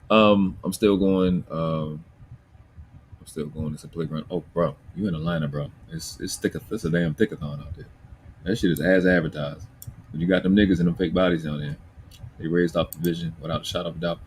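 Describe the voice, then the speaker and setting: A man's voice: low-pitched, a little fast, a little hiss or hum. A man with a Baltimore accent hosting a livestream, talking bluntly and profanely while reading chat comments. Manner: profane, blunt, animated ranting. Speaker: livestream host.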